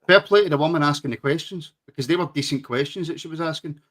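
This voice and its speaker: Fast-talking podcast man. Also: on the high side, a bit bright. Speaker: podcast co-host. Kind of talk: casual chat.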